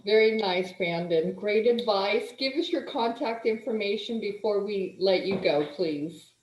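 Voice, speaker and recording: A woman, a magazine publisher, hosting an interview and speaking slowly and graciously with encouraging remarks. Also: medium pitch, darkish tone, slight background noise. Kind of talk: interview host. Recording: dull, echoey remote audio.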